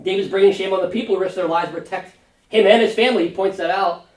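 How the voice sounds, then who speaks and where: Leading Sunday school Bible study in a church classroom, a pastor talks in a high-sitting male voice and keeps tossing in "right?" to check on his listeners. Paraphrasing biblical figures makes him animated, and the recording sounds roomy, with the mic set at a distance.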